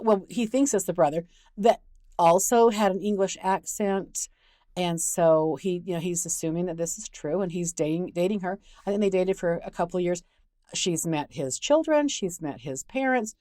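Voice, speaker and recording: A woman's voice: on the low side, darkish tone, no echo, studio quality. Frank woman giving relationship advice. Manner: frank and conversational. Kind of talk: casual advice talk with storytelling.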